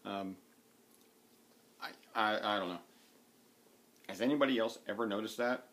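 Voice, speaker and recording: A man with a slightly low voice talks to camera from his home, wandering from point to point and filling gaps with "uh" and "um". He sounds relaxed and chatty, as in a casual needlework vlog. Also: moderate pace. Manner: rambling, many fillers and restarts. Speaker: needlework vlogger. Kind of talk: casual rambling chat to camera. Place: at home, sitting indoors.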